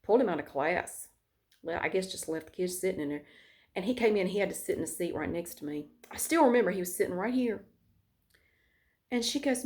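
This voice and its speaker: A woman's voice: lowish voice, expressive, a little fast, a little mellow. A woman vlogger telling a personal story in a candid, frank way with casual swearing.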